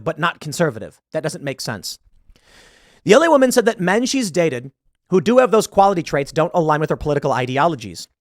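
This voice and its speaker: Animated, high-voiced sarcastic male commentator. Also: no echo, clean studio sound. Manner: sarcastic and animated, with frequent asides. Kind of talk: political commentary on a news story.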